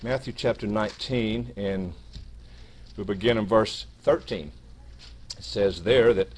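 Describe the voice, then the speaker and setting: A man's voice: lowish voice, unhurried, a little mellow, slightly rough. Man preaching a short sermon with emphasis. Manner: reads scripture with rising emphasis, many small restarts. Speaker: minister.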